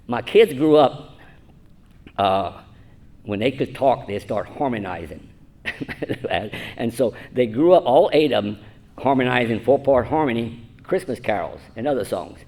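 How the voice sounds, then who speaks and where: Older guy in his 70s, rambling storyteller, lowish voice, keeps chuckling at his own jokes. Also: a little mellow. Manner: rambling, self-mocking humor, chuckles often. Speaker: conference speaker. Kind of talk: personal storytelling talk. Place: church hall at a conference.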